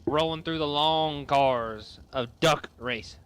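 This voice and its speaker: A man's voice: on the high side, takes it slowly, a bit bright, clean tone. A man calling drag races and reading out dial-ins and reaction times. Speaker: race announcer. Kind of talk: race commentary.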